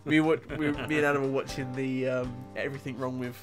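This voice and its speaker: A man's voice: medium pitch, level tone, quick pace, music in the background. A man chatting on a gaming livestream, rambling with fillers and hesitations and laughing now and then. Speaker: co-player guest. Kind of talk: casual gaming stream chat.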